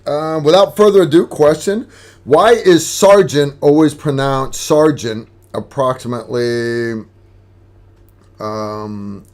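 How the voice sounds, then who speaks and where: A man's voice: mid-range voice, slow. A middle-aged American man hosting a casual livestream, joking with a friend and answering viewer questions. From United States. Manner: joking, relaxed banter with a friend. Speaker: livestream host.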